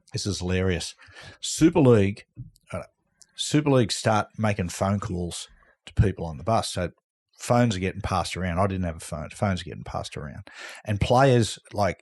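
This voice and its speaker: A middle-aged Australian man telling a story casually as a podcast guest, acting out what other people said. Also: low voice. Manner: animated yarn-spinner who acts out other people's lines. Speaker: guest, former rugby league player.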